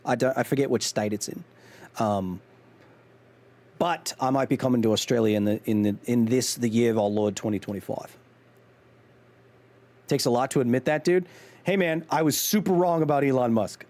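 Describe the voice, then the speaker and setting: A man's voice: medium pitch, moderate pace, pauses often, darkish tone. A man hosting a live game stream, chatting casually with viewers, rambling with many restarts and poking fun at himself. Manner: rambling, chatty, talks back to chat; frequent ums and restarts, self-mocking. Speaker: gaming streamer host.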